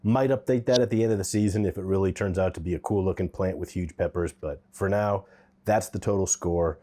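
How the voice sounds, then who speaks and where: A man's voice: sits low, a little fast, dark tone. A man giving a casual, candid pepper tasting review, thinking aloud with the odd um.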